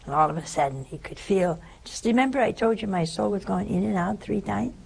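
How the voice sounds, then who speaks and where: A woman's voice: medium pitch, fairly quick, vocal fry, slightly rough, rough recording. An older woman giving an informal spiritual talk, telling a story and acting out the people in it. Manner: storytelling, animated in quoted speech. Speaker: religious teacher.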